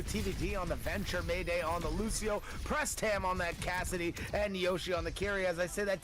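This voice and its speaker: High-voiced man calling esports plays. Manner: hype-driven, quick calls of plays and player picks. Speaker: esports caster. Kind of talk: play-by-play esports commentary.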